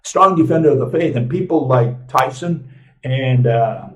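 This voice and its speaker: A man's voice: medium pitch, animated, measured pace, distant mic, lo-fi sound. A man hosting a casual commentary live stream, rambling with many fillers and restarts, often tagging lines with "right?" or "okay?". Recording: roomy echo, speaking from away from the mic.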